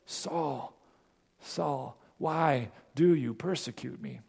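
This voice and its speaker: A preacher putting on a solemn heavenly voice that speaks slowly and quietly, each word grave. The voice is a little high, and it rings in a long hall reverb. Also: male voice, gravelly, breathy edge, full character voice.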